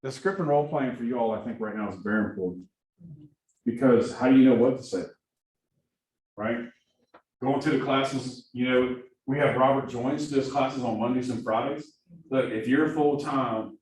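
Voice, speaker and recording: Speaking with a mid-range voice at normal speed and pausing often, a Missouri man with a Southern accent coaches new agents on productivity. He's energetic and constantly checks in with "right?". The recording is distant and echoey, with faint hiss.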